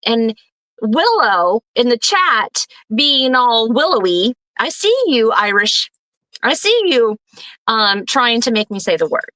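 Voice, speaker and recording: A middle-aged woman chats casually as a podcast co-host, joking with her viewers. Her voice is bright and a little high. The sound is dry and close. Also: sing-song, slow pace, no echo, rough recording. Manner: chatty, joking with the live chat. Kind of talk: casual chat.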